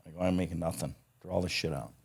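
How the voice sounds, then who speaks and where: A man's voice: sits low, steady tone, rapid-fire, creaky, slightly rough. A man in his fifties, a podcast guest telling stories from his working life in a blunt, profane way, acting out quoted dialogue and chuckling between lines. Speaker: podcast guest, parts company founder. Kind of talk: casual anecdotal storytelling.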